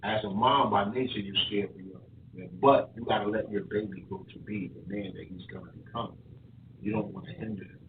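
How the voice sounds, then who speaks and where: A boxing coach in casual podcast chat, telling stories with repeated words and restarts. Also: male voice, on the low side, steady tone, fairly quick, background noise. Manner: repetitive, storytelling with stutters. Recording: distant, echoey, phone-like sound.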